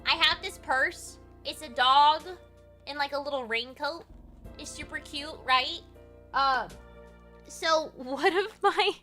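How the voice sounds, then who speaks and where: A woman's voice: high voice, bright, forceful tone. A young woman streamer telling crude, rambling stories in casual chat. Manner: rambling, crude, playful storytelling.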